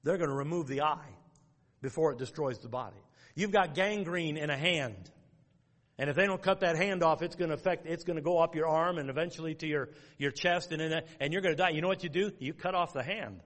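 A pastor preaches a sermon in a plain, folksy way, working through lettered points and quoting old scripture. His voice is a little high for a man, brisk, and fairly bright. A long reverb from the church hall carries the sound.

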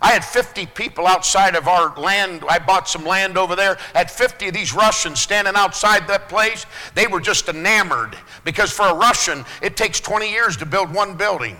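Male pastor preaching in a church hall, high and sharply bright, loud bursts and quiet asides. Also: moderate pace, few pauses. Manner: swings between loud preaching and hushed low asides. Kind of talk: sermon. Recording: long hall reverb.

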